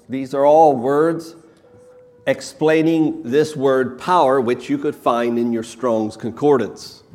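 Man preaching slow and emphatic in a church hall, long echo trailing off. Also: mid-range voice, fairly even intonation, a little mellow. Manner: slow, emphatic, repeats key words. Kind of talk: sermon.

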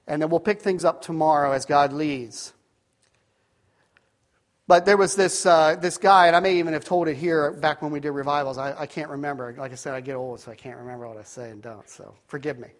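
Animated fifty-something preacher, high voice. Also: male voice. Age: 50s. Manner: animated storytelling, rising to shouts at peaks, dropping to near-whispers; self-deprecating asides. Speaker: pastor. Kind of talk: sermon.

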